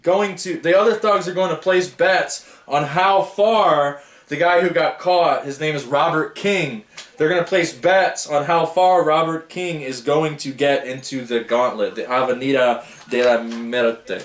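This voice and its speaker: Casual male book reviewer, a touch high-pitched, rambling delivery in a roomy echo. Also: unhurried. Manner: rambling, stumbles over names and laughs at himself.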